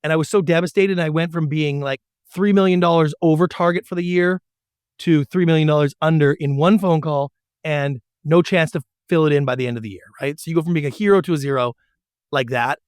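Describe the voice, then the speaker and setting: A middle-aged man with a fairly high voice tells his story in an animated way. He jumps into little voices to act out emails and phone calls. The sound is close and dry. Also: a little fast, clear, resonant tone, no room sound. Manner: animated storyteller who acts out quotes. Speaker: guest, former TV producer. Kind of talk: storytelling interview.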